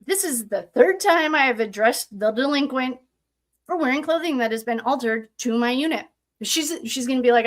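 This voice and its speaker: A woman with a slightly high voice reads through official records aloud in a casual, thinking-aloud way. She keeps stopping to toss in sarcastic remarks of her own. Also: lively intonation, normal speed. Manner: sarcastic asides, thinking aloud while reading. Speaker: true crime commentator. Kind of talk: casual commentary reading documents aloud.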